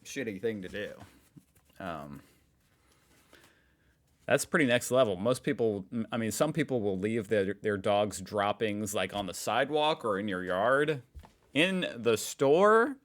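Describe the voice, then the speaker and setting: A middle-aged American man in the United States hosts a reaction video, musing aloud in a casual, amused way and thinking out loud with frequent fillers. His voice is fairly low and measured in pace.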